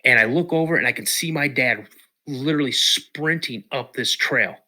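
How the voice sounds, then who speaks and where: A man's voice: mid-range voice, moderate pace. A middle-aged man, a podcast guest, telling a story casually with lots of repeats and restarts. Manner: animated, repeats words and restarts.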